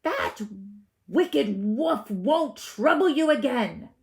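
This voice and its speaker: Woman voicing storybook hunter, man, brave, firm, reassuring, gravelly. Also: high voice, lively intonation, takes it slowly, voice pushed up, heavily acted.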